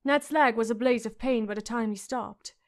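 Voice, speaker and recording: Woman narrator, a bit high, reading a fantasy book with drama. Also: normal speed. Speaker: audiobook narrator.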